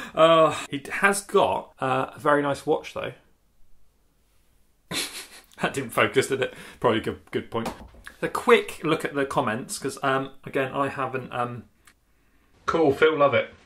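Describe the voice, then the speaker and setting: A man's voice: medium pitch, moderate pace, pauses often, a bit bright. A man chatting casually to camera as a cycling vlogger, rambling with frequent restarts and laughs.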